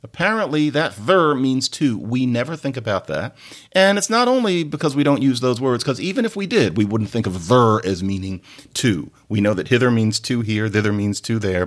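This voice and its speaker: A man hosting a podcast, giving a playful, digressive explanatory monologue. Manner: playful, digressive lecturing with sudden pitch jumps. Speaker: podcast host.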